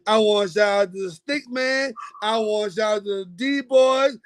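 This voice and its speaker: A man's voice: high voice, normal speed. A man co-hosting a podcast in casual chat, streetwise and repeating himself for emphasis. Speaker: podcast co-host.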